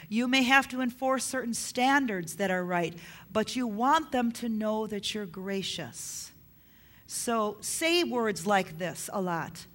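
A woman's voice: on the high side, unhurried, fairly bright tone. A middle-aged woman preaching a sermon on parenting, earnest, repeating her key points for emphasis.

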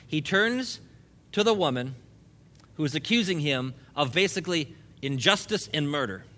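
A man's voice: a little high, animated, moderate pace, pushed and bright. A man preaching a sermon, emphatic and repetitive, stressing points by piling up phrases. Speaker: pastor.

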